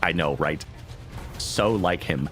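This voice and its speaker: A man streaming a video game who rambles casually in an animated way, full of asides. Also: low voice, slow pace, soft background music. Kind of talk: casual gameplay commentary.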